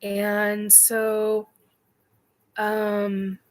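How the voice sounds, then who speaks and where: With a mid-range, monotone voice, a middle-aged woman fields viewer questions during a spiritual livestream chat. She hesitates often, using many ums and correcting herself, and the recording is low quality.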